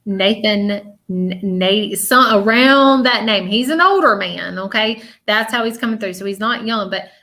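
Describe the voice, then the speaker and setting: A woman working as a psychic medium, giving a live reading in a halting way, full of fillers, restarts and repeated words. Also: medium pitch, expressive, sharp tone.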